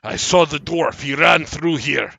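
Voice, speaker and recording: A man voicing a strange, excitable male dwarf who speaks in loud, formal, clipped sentences. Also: on the high side, measured pace, creaky, slightly rough, no room sound, pitched above the performer's own voice, heavily acted. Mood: agitated.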